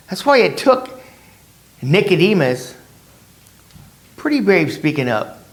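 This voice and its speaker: A man's voice: high voice, sing-song, takes it slowly, pauses often. A man leading a casual Bible study, who asks his class rhetorical questions and acts out the people in the story in his own words.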